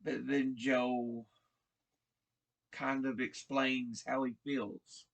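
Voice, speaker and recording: A man casually retelling a TV episode, halting and repeating words as he restarts his sentences. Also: mid-range voice, level tone, creaky. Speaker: show recap vlogger.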